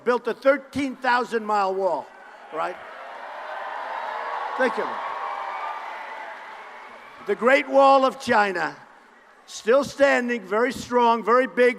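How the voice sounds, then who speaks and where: A man with a fairly high voice delivers a campaign rally speech from a podium microphone. He is boastful and leans on short repeated phrases, now and then breaking into a shout. His voice rings through the long echo of a large hall. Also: animated, takes it slowly, pauses often, slight background noise. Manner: boastful, repetitive punchy phrases, bursts of shouting. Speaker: political candidate at a campaign rally. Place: large indoor rally venue.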